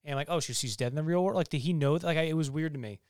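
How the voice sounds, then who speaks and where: A man co-hosting a podcast, reviewing a film in casual chat, animated and swearing, acting out lines as he retells scenes. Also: a little high, racing, no echo, studio quality. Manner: animated, swearing, quoting people in voices. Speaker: podcast co-host.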